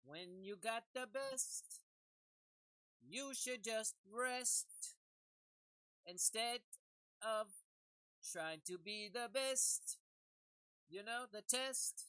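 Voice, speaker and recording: A woman's voice: a little high, extremely slow, pauses often, pushed and bright, no room sound, low-quality recording. A woman giving a rambling comedic monologue, jokey and laughing often. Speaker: comedic commentator.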